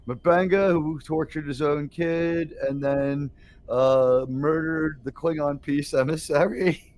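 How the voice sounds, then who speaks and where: A man's voice: on the high side, steady tone, takes it slowly, a little mellow. A man hosting a casual reaction chat, blunt and profane, who laughs often. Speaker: host.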